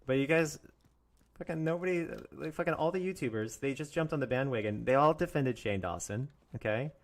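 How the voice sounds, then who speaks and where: A man's voice: mid-range voice, lively intonation, fairly quick. A young man ranting on his own live stream, angry and profane, mocking others in put-on voices and laughing often.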